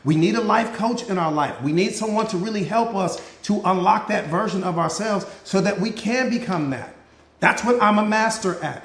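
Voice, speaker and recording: A man's voice: high voice, fairly bright tone, echoey room. A man, a life coach, giving an emphatic live-stream motivational talk with a repetitive, preacher-like cadence.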